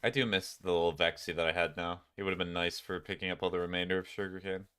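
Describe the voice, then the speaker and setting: A man's voice: low voice, fairly even intonation, fast talker, pushed and bright, clear, resonant tone. A man streamer chatting casually while playing a game, rambling and talking to his viewers. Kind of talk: casual gameplay chat.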